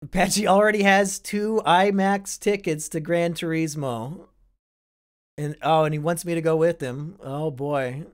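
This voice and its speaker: A man's voice: a little high, fairly even intonation, measured pace. A young man from Iowa hosting a casual live stream, reading and answering chat with sardonic, profane banter.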